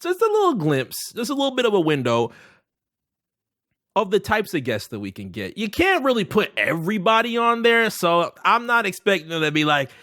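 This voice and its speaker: A man's voice: sits high, normal speed, no room sound, studio quality. A man co-hosting a casual podcast chat, joking around and slipping into impressions. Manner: animated, jokey, slips into impressions. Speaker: podcast co-host.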